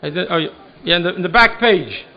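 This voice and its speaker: A man's voice: sits high, lively intonation, a little fast, lo-fi sound. A man, a rabbi, giving a Torah study lecture in a synagogue hall, earnest and often repeating words as he searches for them. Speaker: rabbi teaching a class.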